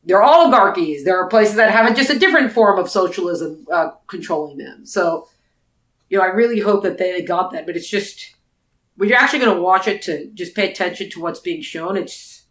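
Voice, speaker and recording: With a fairly low pitch, lively intonation and a fairly bright tone, this woman talks briskly while co-hosting a casual book podcast. Chatty and rambling, she restarts often, and the room echoes.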